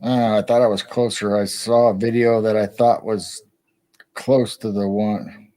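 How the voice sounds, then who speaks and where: A man's voice: fairly low pitch, little pitch movement, measured pace, mellow. Easygoing man in his sixties. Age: 60s. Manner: easygoing, rambling, chuckles between remarks. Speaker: live stream host. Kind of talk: casual late-night chat.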